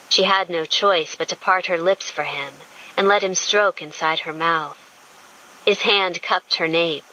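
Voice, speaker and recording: A woman reading a romance audiobook in a smooth, intimate storytelling manner. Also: lowish voice, sharp tone, a little hiss or hum, rough recording. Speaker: audiobook narrator. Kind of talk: scripted romance narration.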